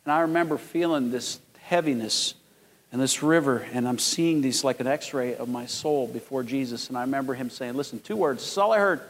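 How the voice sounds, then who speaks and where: A man in his fifties preaching a sermon as pastor, telling stories and rising to loud, emphatic peaks. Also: mid-range voice, fairly quick. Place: large church sanctuary. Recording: long hall reverb.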